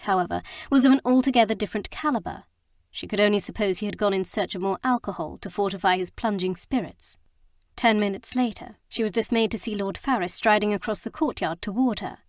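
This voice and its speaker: A woman narrating a romance audiobook with a steady storytelling delivery. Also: medium pitch, brisk, dry recording, studio quality.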